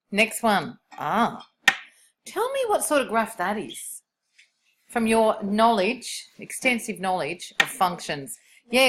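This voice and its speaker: A woman's voice: mid-range voice, background noise. A woman maths teacher, talking a class through graphs as she thinks aloud and asks them questions. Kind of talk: classroom lesson on curve sketching.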